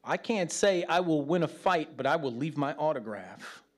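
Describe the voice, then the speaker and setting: A man teaches from scripture in a loose, conversational sermon. His voice sits a little high for a man, and he stays animated and chatty throughout. He drops joking asides to the room as he talks. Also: moderate pace. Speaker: preacher.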